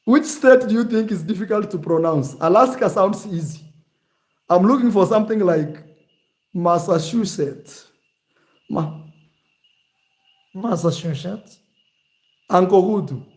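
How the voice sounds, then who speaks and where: Animated man vlogging. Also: high voice, normal speed. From Kenya. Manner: animated, teasing, shifts to mock accents. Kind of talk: casual vlog talk.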